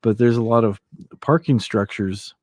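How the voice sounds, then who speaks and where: A man hosts a relaxed late-night livestream, his low, mellow voice slightly scratchy from allergies. He rambles loosely and laughs often as he talks to viewers. The sound is close and dry, with little room echo. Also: moderate pace. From Southern California. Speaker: livestream host. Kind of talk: casual late-night chat. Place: old house.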